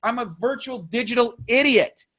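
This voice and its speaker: Fired up coach guy, kinda high voice, firing off question after question, urgent. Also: moderate pace, fairly bright tone. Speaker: motivational business coach. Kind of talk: motivational rant.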